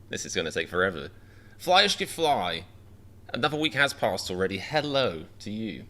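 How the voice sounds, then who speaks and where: A man's voice: fairly low pitch, creaky, bright, forceful tone. A man hosting a casual livestream, greeting viewers one by one with wry, self-deprecating humor. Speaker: livestream host reacting to chat.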